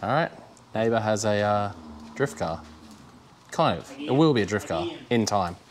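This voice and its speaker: A man's voice: lowish voice, expressive, normal speed, a little hiss or hum. A man with an Australian accent, hosting his channel and chatting in a jokey, teasing, easygoing way with the people around him. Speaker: channel host. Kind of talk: casual on-location chat.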